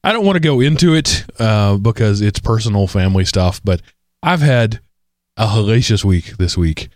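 A man hosting a podcast in a casual chat, congested and hoarse from allergies, tired but joking along. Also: on the low side, lively intonation, moderate pace, a little mellow, no echo, studio quality. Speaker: podcast host.

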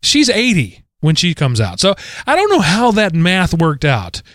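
A man co-hosting a casual podcast, telling stories in an animated, chatty way. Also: sits high, measured pace, no room sound, clean studio sound. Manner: animated storyteller, lively delivery. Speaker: podcast co-host. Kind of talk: casual chat.

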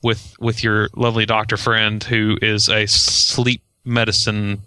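A man's voice: fairly low pitch, flat delivery, measured pace, pushed and bright, smooth, no echo. A man co-hosting a casual podcast, talking in a wry, self-deprecating way. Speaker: podcast co-host.

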